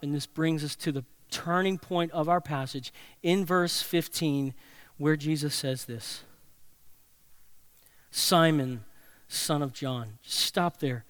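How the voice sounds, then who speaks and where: Higher-voiced man preaching dramatically. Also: no room sound. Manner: dramatic storytelling, swinging between loud and hushed. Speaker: pastor. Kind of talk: sermon.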